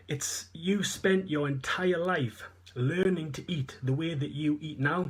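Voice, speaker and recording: A man's voice: a little high, unhurried, few pauses, breathy edge. A man with a Northeast English accent, a fitness coach giving a seminar talk and explaining things earnestly, repeating himself as he goes. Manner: earnest, repetitive explaining with fillers. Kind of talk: live online seminar talk.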